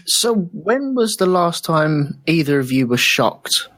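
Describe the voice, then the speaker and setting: A man guesting on a casual podcast chat, telling stories in an animated way. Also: fairly high pitch, slow.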